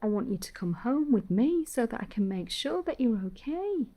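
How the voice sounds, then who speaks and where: A grieving middle-aged mother. Her voice is husky and dark, and she speaks in a soft, halting hush that often slips into a whisper. The delivery is gentle and intimate. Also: on the high side, very animated. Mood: gentle, warm. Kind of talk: film drama monologue.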